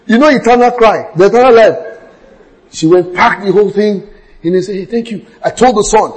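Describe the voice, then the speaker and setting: A pastor preaching a sermon, telling stories with acted quotes and bursts of shouting. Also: male voice, sits high, normal speed, rough recording.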